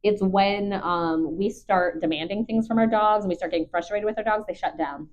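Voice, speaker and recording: A woman dog trainer calmly talking through a training session, chatty and patient with frequent ums. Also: mid-range voice, normal speed. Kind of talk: live dog training commentary. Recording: dull lo-fi recording.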